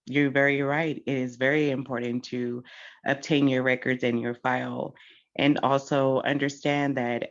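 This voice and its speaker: Earnest woman with muffled call audio. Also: a bass voice. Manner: earnest, advising, with fillers. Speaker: townhall guest. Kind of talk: testimony at an online townhall.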